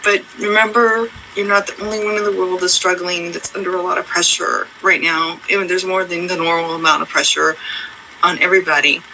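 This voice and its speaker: A woman's voice: on the low side, flat delivery, fairly quick, gravelly, bright, forceful tone, slight background noise, low-quality recording. A woman hosting her own channel, chatting casually and earnestly to her viewers in a rambling, reassuring way. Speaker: channel host. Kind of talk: casual heartfelt chat to viewers.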